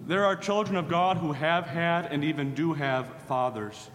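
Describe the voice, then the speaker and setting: A man's voice: normal speed, a bit bright. A man preaching a sermon, earnest and repeating phrases for emphasis. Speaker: pastor. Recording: hall reverb with faint rumble.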